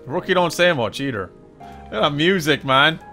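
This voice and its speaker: A young man giving excitable live commentary while he plays a video game, swearing, laughing and calling his viewers lads. He talks over the game's own sound. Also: a little high, normal speed, faint music behind. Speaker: gaming channel host.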